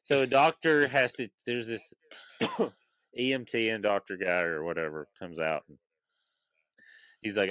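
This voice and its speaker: A man's voice: low voice, normal speed, long pauses, fairly bright tone, clear, resonant tone, no room sound. A man casually telling a funny story on a podcast, swearing and acting out the voices of the people he quotes. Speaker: comedian guest.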